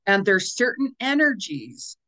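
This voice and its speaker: Middle-aged lady chatting through a weekly astrology forecast, animated, laughs a lot, plays out little reactions. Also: medium pitch, a little slow. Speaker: spiritual astrology host. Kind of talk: casual weekly forecast talk.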